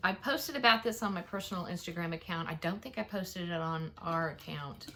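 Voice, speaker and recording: A woman's voice: lowish voice, a little fast, bright, forceful tone, a little hiss or hum. Chatty retired woman co-host, easy laugh, recorded on a phone. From Louisiana, USA. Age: older. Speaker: podcast co-host. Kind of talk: casual chat. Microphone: phone on a table.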